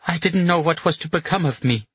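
A man's voice: brisk, a bit bright, husky, no echo, dull audio. A man voicing a drunk, tearful woman who slurs her words. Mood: tipsy, tearful. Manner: slurring, high-pitched and pleading.

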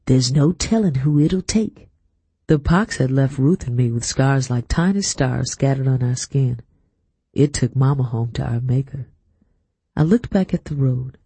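A man narrating an audiobook in a steady, measured storytelling manner. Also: mid-range voice, vocal fry, breathy edge, no room sound. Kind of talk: scripted narration.

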